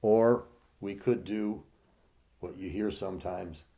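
Preaching slowly, a man reads scripture aloud in King James wording with rising emphasis and puts rhetorical questions to his listeners. His voice is lowish, creaky and warm, with fairly even intonation.

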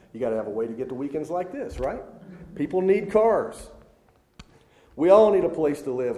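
A man's voice: a little high, mellow. Conversational preacher man in an echoey room. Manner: conversational, asks the crowd questions. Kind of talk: sermon. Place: large room with a live audience.

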